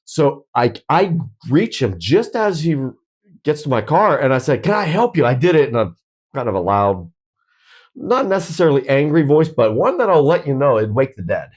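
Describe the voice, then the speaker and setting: A man's voice: medium pitch, very animated, normal speed, a little mellow. A man co-hosting a podcast, telling a story in a casual, rambling way with frequent restarts. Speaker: podcast co-host.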